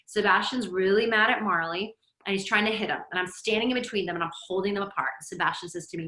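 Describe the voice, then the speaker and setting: Middle-aged woman from Lebanon, therapist and yoga teacher, bright voice, gently guiding talk, roomy echo. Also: medium pitch, fast. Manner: conversational, reflective, gently guiding. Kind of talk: teaching talk with personal stories.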